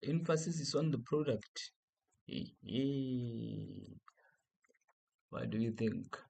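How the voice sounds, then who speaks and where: A man's voice: medium pitch, moderate pace, gravelly, darkish tone, husky, rough recording. A man from South Africa with a South African accent, going through exam questions as a teacher, repeating key points and asking and answering his own questions. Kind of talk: exam revision lesson.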